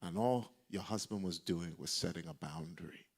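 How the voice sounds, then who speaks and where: A man preaching a sermon, telling a personal story in an animated way and breaking into shouted exhortations. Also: deep voice, normal speed, vocal fry, slightly rough. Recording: live church service.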